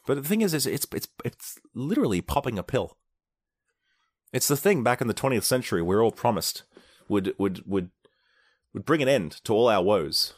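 A man's voice: mid-range voice, expressive, normal speed, husky, no echo, studio quality. A man rambling sarcastically in a comedic monologue, now and then acting out quoted people in short bursts while sick with a mild illness.

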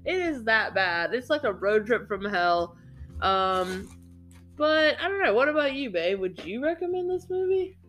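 A woman co-hosting a casual movie review, chatty and expressive, laughing often. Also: on the high side, measured pace, faint music behind. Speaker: podcast co-host.

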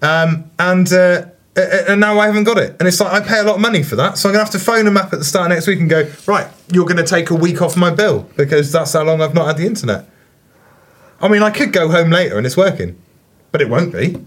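A man in casual podcast banter, swearing freely and acting out other people in his stories. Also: fast. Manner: sweary, animated storytelling, mimics people in high voices. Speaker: podcast co-host.

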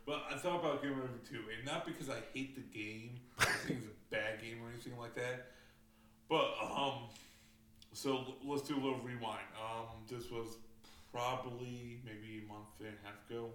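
A man's voice: medium pitch, steady tone, moderate pace, noisy background. A man telling gaming stories in a casual chat, profane and full of fillers. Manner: profane, storytelling, frequent fillers. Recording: roomy, distant mic, faint ambience.

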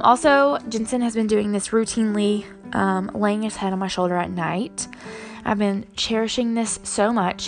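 Young mom vlogger, gravelly fry in her voice, earnest and chatty, soft music under it. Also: mid-range voice. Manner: earnest, with frequent ums. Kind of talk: casual faith vlog chat.

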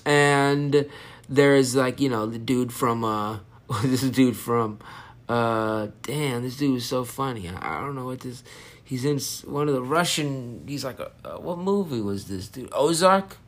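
A man hosting a casual solo podcast, rambling and excitable while high, jumping off topic. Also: a little slow. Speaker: podcast host.

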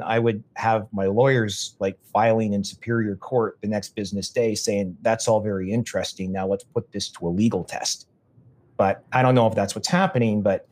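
A man with a fairly low voice, talking in an opinionated, rambling way. He restarts his sentences often as he builds his argument. It sounds like a relaxed podcast conversation. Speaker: podcast guest. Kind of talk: casual conversation.

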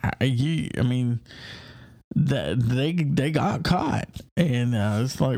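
A man's voice: mid-range voice, expressive, slow, gravelly, a little mellow, no room sound, studio quality. A man talking casually in a rambling, enthusiastic monologue, full of hesitations and restarts.

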